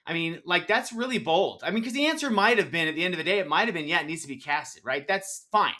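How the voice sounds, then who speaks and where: A man's voice: fairly high pitch, animated, fast, sharp tone. A man co-hosting a podcast in casual conversation, affirming his partner and thinking aloud as he goes. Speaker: podcast co-host.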